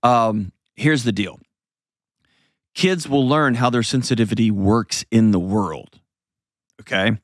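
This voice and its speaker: A man's voice: lowish voice, slow pace, pauses often, dry recording, studio quality. A man hosting an advice show, explaining parenting earnestly and acting out little scenes in changed voices.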